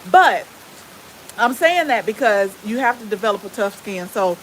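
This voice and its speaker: A woman's voice: mid-range voice, normal speed, a little hiss or hum, poor audio. Chatty Southern woman with a drawl. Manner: chatty, relaxed drawl, addresses viewers as y'all. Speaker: gardening channel host. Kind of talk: casual live-stream chat with viewers.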